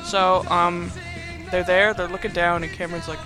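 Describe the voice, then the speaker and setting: A man's voice: high-pitched, level tone, normal speed, over music. A young man hosting a podcast, casually recapping a movie in a rambling, filler-heavy, playfully sarcastic way. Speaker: podcast host.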